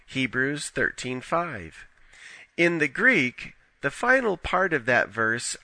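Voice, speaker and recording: Man, scripted narration, scripture study, very slow deliberate reading, dry close sound. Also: mid-range voice, big pitch swings, sharp tone, no room sound. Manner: measured, deliberate reading with careful quotations.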